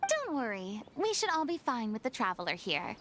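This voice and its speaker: An actress playing a proud, dramatic young former goddess in a video game, with a showy, self-mocking manner. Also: female voice, on the high side, big pitch swings, normal speed, fairly bright tone, a little hiss or hum. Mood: flamboyant. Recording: game audio with music behind.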